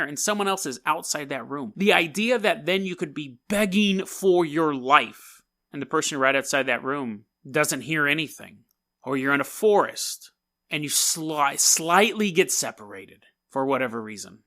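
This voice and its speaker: Bright-voiced man telling a ghost story. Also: on the high side, normal speed. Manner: animated, conversational, quotes friends in his own voice. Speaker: podcast host. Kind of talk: personal storytelling.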